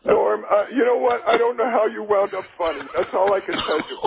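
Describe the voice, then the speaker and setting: A man joking loudly as a comedy guest in brash, teasing radio banter, heard on a lo-fi radio recording. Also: sits high, brisk, vocal fry, a little hiss or hum.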